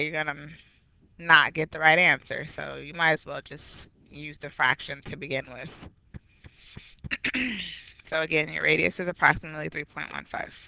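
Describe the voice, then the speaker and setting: Deep and sharp in tone, a woman's voice guides listeners through a recorded geometry review one step at a time. She is a math teacher, patient and explanatory, and the sound has no echo.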